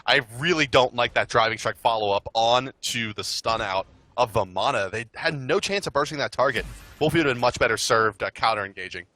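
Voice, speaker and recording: A man co-casting an esports match, giving quick color commentary with jokes and excitement on the plays. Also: medium pitch. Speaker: esports caster.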